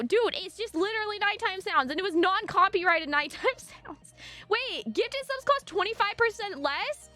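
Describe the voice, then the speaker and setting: A young adult woman live-streaming, chatting casually and gushing excitedly at her viewers, breaking into squeals. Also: very high voice.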